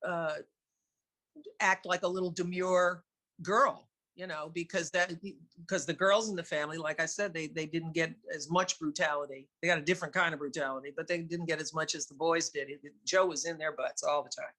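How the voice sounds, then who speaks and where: A woman with a New York accent, an interview guest and singer, telling candid stories in a lively way and laughing often. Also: low voice, fast, few pauses. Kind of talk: casual storytelling in an interview.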